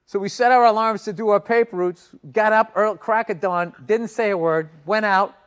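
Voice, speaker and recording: High-voiced man telling a profane story. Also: steady tone, moderate pace, clean tone. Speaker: podcast co-host. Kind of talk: casual chat.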